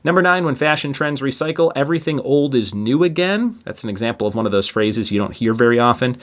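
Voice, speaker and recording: A man's voice: mid-range voice, animated, fast. A man hosting a trivia podcast, reading each question twice and adding chatty asides between answers. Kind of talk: casual quiz reading.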